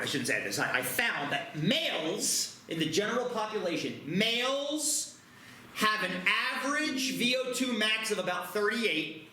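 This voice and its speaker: Male math teacher, high and lively, self-mocking humor, booming classroom echo. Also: slight background noise. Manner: joking, self-deprecating. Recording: echoey classroom.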